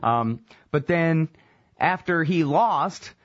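A man's voice: a little high, animated, slow pace, no room sound. Blunt, sarcastic radio host man. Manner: blunt, sarcastic, casual swearing. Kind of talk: radio discussion. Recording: dull band-limited radio audio.

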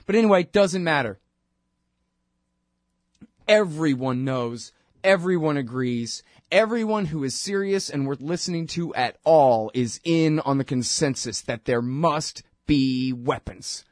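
A man with a slightly raised pitch hosts his own talk show, ranting through a sarcastic monologue. He mocks and scoffs as he goes, piling up pointed asides. The recording is close and dry, with no room sound. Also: animated, unhurried, no room sound. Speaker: radio show host.

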